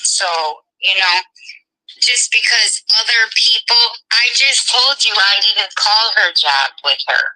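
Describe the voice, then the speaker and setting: A woman's voice: mid-range voice, a little slow, pushed and bright, no room sound, rough recording. A woman, a mother, talking casually and defensively to viewers, rambling and restarting her sentences. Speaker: mother speaking on a stream.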